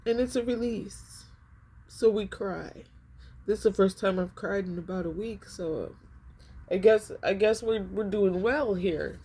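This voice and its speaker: A woman's voice: mid-range voice, measured pace, dark tone, husky. Emphatic woman tarot vlogger. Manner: emphatic and repetitive, addressing viewers as y'all. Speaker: tarot reader. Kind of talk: casual tarot reading vlog.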